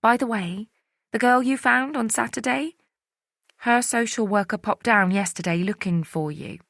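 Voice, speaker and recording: Chatty friendly coworker lady, a bit higher, dry close read, done by a woman narrator. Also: normal speed, creaky, a bit bright, no echo. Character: friendly female office colleague. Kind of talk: audiobook character voice.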